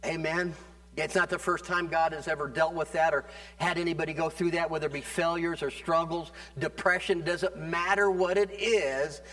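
Male pastor, fairly high-pitched, emphatic, repetitive sermon delivery. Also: fairly even intonation, normal speed, bright, forceful tone. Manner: emphatic preaching, drawing out key phrases and asking "amen?".

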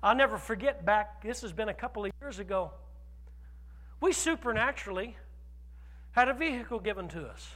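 A man preaching a sermon as pastor, telling a personal story with animated swings from loud declarations to hushed asides. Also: high-pitched, moderate pace, pauses often, long reverb tail.

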